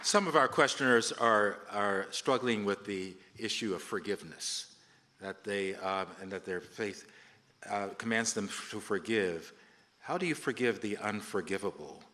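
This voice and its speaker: Hesitant deep-voiced man in a hall. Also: pushed and bright, some chatter behind. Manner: halting, hesitant, many ums. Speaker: moderator reading audience questions. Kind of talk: live Q&A moderation.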